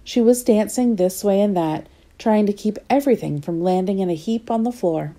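Mellow-voiced woman reading a children's story. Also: medium pitch, moderate pace. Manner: playful, asks the listener questions.

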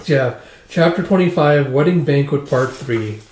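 A man's voice: a little high, a little slow, a little mellow. A man casually recapping a comic book in a loose, rambling way. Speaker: manga reviewer. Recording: roomy echo.

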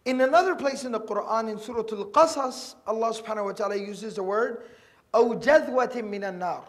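Male Quran teacher with a very high pitch, earnest lecturing style, repeats points and explains Arabic terms. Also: fast. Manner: earnest, repeats key phrases for emphasis. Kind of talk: religious lecture, verse-by-verse commentary.

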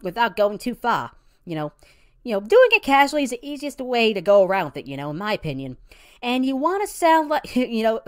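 A woman's voice: fairly high pitch, fairly bright tone, clean tone, dry recording, clean studio sound. A woman playing a brash, foul-mouthed female pizzeria boss who lectures trainees in a profane, rambling comedic monologue full of "you know" and calls the listener sweetie or honey.

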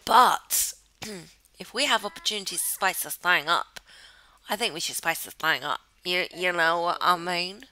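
A woman chatting excitably through Let's Play commentary, giggling often. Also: lowish voice, measured pace, low-quality recording. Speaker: gamer host.

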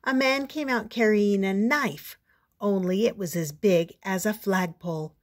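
An older woman reads a children's picture book aloud in an expressive, playful storytelling voice. Her pitch sits in a middle range for a woman. She takes her time as she tells the story. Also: measured pace.

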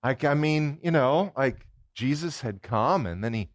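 A man giving a sermon as guest preacher in a church, talking in a relaxed, conversational way and putting questions to the congregation. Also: medium pitch, a little slow, no echo, clean studio sound.

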